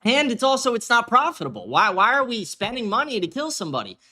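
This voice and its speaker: A man's voice: extremely high pitch, huge pitch swings, fast talker, sharp tone. A man hosting a livestream commentary show from a green-screen studio, ranting in a brash, profane way. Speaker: host.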